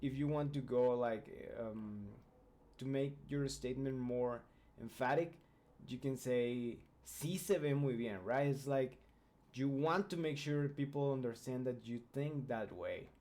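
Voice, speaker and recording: A man whose first language is Spanish explains English grammar in a video lesson. His voice is mellow and warm, and he walks through each point patiently. He pauses to check that the viewer is following. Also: mid-range voice. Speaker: English teacher.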